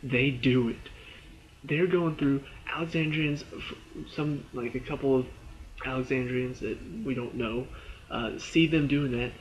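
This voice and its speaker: A man giving a casual spoken review of a TV episode. He retells the scenes in an excited rush, with lots of fillers. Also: mid-range voice, unhurried, low-quality recording.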